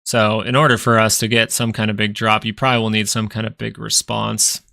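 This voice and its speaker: A man's voice: fairly low pitch, monotone, a little fast, vocal fry, bright, forceful tone. A man hosting a live stock market stream, chatting casually and rambling between chart talk and answers to viewers. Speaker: stock market livestream host.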